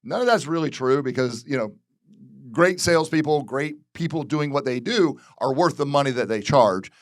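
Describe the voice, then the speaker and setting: Plainspoken Florida real estate broker. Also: male voice, medium pitch, animated, moderate pace, no room sound, studio quality. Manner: candid, repeats phrases, frequent restarts. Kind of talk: casual commentary. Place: real estate office video.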